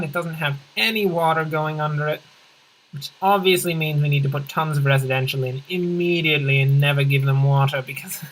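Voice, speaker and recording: A game commentator with a bright, forward voice of medium pitch, rambling through absurd jokes in a dry, deadpan way. They keep contradicting and correcting themself, jumping up and down in pitch and speeding up or dragging out words for comic effect. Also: poor audio. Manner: swings in pitch and pace for comic emphasis. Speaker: let's play commentator. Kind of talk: casual gameplay commentary.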